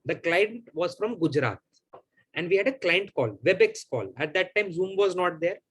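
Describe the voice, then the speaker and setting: A man, hosting a live Q&A and telling a personal story to his audience in an animated, emphatic, repetitive way. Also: high-pitched, moderate pace. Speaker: host of a live Q&A.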